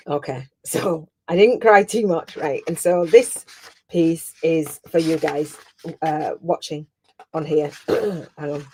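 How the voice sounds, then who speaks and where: Low-voiced heartfelt woman coach. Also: takes it slowly, pauses often, warm tone, husky. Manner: heartfelt and chatty, close to tears. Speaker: host and business coach. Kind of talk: live online masterclass.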